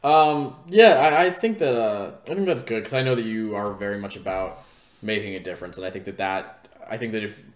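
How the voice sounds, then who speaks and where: A young man in his twenties co-hosting a podcast, relaxed and supportive in casual chat. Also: fairly low pitch, brisk, roomy sound. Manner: relaxed, supportive listener with short replies. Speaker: podcast co-host.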